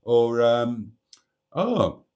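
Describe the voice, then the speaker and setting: A man's voice: medium pitch, big pitch swings, very slow, a little mellow. A man hosting a live stream, chatting casually and reading viewer comments aloud.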